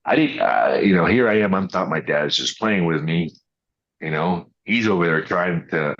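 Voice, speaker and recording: A man's voice: sits low, moderate pace, fairly bright tone, dull audio. A man co-hosting a casual early-morning podcast, telling rambling stories with many restarts and acting out what others said. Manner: rambling storyteller, restarts, acts out quotes. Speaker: podcast co-host.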